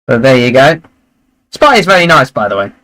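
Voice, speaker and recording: A man hosting a live football watchalong, chatting and reacting excitedly to the play. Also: medium pitch, a little fast, poor audio. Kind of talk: live match commentary and chat.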